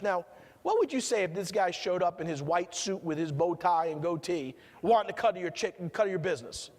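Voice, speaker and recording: A man with a New York accent and a notably high voice delivers a keynote with lively storytelling energy, often turning to the crowd with questions. His voice rings out with a long reverb tail from a big conference hall. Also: brisk. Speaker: motivational keynote speaker. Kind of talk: keynote speech.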